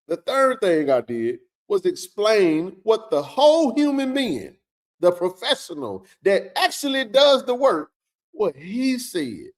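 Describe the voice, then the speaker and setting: Fiery, animated livestream sports host. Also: male voice, high-pitched. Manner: fiery, preachy, colloquial, repeats himself for emphasis. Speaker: host of a college football show.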